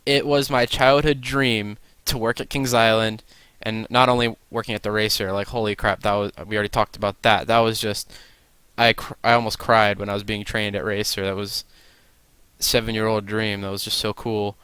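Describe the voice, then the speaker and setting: Young guy vlogging w a little lisp, puffy stiff mouth, smooth clear voice, super dry sound. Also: on the low side, normal speed, no echo. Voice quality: slight lisp. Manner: rambling, excitable. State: stiff swollen mouth after dental surgery. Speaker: vlogger and ride operator. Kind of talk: casual vlog chat.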